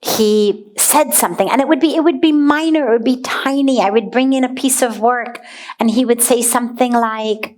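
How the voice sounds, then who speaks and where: A woman giving a spiritual talk as a teacher, speaking in a deliberate, earnest way and dwelling on single words. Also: on the high side, a little mellow.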